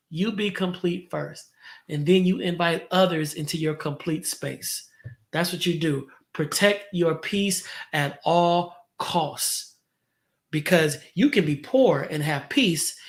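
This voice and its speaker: Guy w a fairly high voice hosting a live show, preachy encouraging talk, repeats stuff a lot. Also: fairly bright tone. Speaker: host of a live stream show. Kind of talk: motivational talk to viewers.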